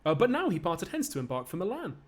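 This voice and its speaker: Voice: medium pitch, wildly swooping pitch, quick pace, voice pushed up. A streamer reading the part of a lovesick young nobleman in a live amateur read-through of a play. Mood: bantering. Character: young lovesick male nobleman, moony and wordy.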